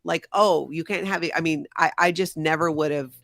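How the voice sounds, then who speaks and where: A woman's voice: low voice, fairly even intonation, normal speed, gravelly, a bit bright, dry recording. Brief: woman host, live stream, upbeat chat reader, dry close sound, faint music under. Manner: reads out chat names and scores, upbeat.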